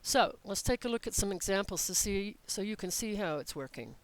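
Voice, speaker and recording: A Spanish teacher explaining grammar step by step in a recorded lesson, patient and methodical, reading example sentences slowly and clearly. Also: mid-range voice, lively intonation, poor audio.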